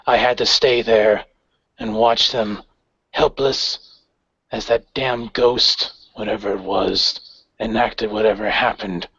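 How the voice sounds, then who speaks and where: A man playing a grim, cold gang leader who speaks with measured, menacing calm. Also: lowish voice, creaky, breathy edge, no echo, pitched below the performer's own voice, heavily acted. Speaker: player voicing his character. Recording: dry, dull lo-fi recording.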